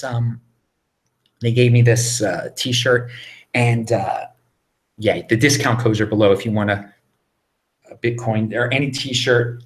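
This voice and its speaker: A man in his thirties from Baltimore, hosting a casual live Q&A at home, rambling and excitable with many restarts. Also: mid-range voice. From Baltimore, USA. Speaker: livestream host answering viewer questions. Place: home, indoors.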